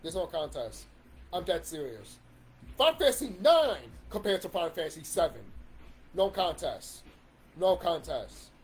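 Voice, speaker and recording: A man's voice: a little high, very animated, moderate pace, a little hiss or hum. A man in a casual ranting monologue about video games, swearing and rambling with restarts. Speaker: YouTube commentator.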